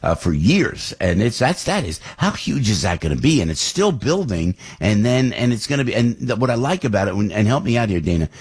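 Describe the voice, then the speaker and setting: A man hosting morning radio, chatty and animated with playful asides. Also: lowish voice, fairly quick, few pauses, slightly rough. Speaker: radio host.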